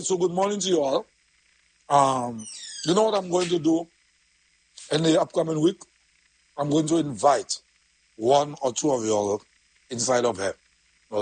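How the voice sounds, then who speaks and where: A man's voice: fairly high pitch, moderate pace, pauses often, darkish tone, husky, no room sound, low-quality recording. A man hosting a casual morning show, chatty and laughing often as he greets listeners by name. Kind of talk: casual live morning chat with sponsor shout-outs.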